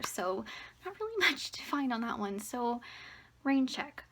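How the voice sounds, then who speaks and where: A woman in her twenties vlogging casually at home, rambling and hesitant, slipping into a breathy half-whisper and a little out of breath. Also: high voice, expressive, moderate pace, fairly bright tone. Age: 20s. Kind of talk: casual personal vlog. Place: at home near the fridge, indoors.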